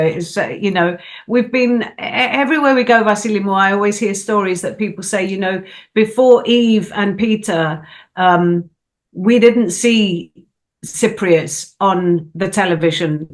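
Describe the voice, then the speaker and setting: A woman's voice: mid-range voice, unhurried. An older woman, a guest performer, talking enthusiastically in a casual studio interview with frequent "you know"s.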